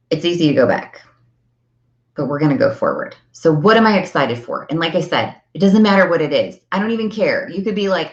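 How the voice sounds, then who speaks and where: Chatty low-voiced woman coach, echoey room. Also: big pitch swings, fairly quick. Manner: earnest, chatty, repeats phrases for emphasis. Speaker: self-help coach. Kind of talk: motivational talk to viewers. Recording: echoey room, slightly dull sound.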